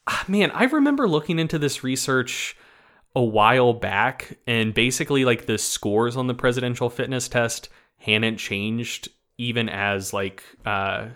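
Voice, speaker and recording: A man co-hosting a podcast, chatting casually in an animated, rambling way with many fillers. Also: mid-range voice. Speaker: podcast co-host. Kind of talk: casual chat.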